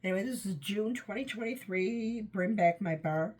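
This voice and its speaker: A woman's voice: medium pitch, normal speed, a little mellow. A woman casually reviewing wax scents, rambling and enthusiastic, trailing off often, her voice tired and run down. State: voice tiring, run down. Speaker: home fragrance vlogger.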